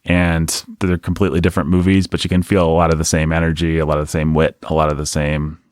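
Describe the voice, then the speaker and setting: A man's voice: extremely low pitch, completely flat delivery, fast, smooth, dry recording. A man co-hosting a casual movie review podcast, talking at length and laughing often as he pokes fun at the film. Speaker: podcast co-host.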